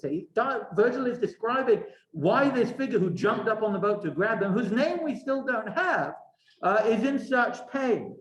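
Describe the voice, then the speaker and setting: A man's voice: very high-pitched, very animated, normal speed. A man teaching a classroom lecture. He questions his students and adds wry asides. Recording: echoey room.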